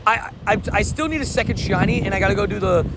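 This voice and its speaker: A man's voice: high voice, fast talker. A young adult man live-streaming a mobile game outdoors, chatting upbeat and reading viewer comments aloud. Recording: outdoor wind noise on mic.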